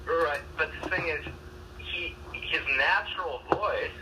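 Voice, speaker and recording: A man co-hosting a podcast in casual chat, animated and repeating words as he thinks aloud. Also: fairly high pitch, slow. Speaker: podcast co-host. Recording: distant mic with noticeable background noise.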